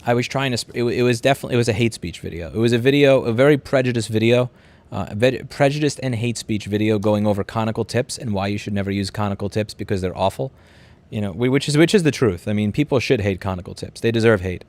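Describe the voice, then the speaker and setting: Fast-talking New York man, low voice. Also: a little mellow. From Queens, New York City. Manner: rapid, rambling, restarts and repeats words, blunt and profane. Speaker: livestream host. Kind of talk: casual livestream chat, reading viewer comments.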